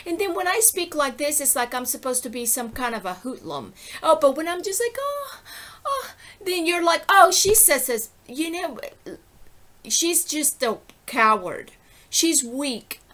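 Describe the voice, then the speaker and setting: High, bright-voiced indignant woman. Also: lively intonation, unhurried. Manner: indignant, rambling, repeatedly asks "okay?". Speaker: vlogger. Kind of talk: impassioned personal monologue.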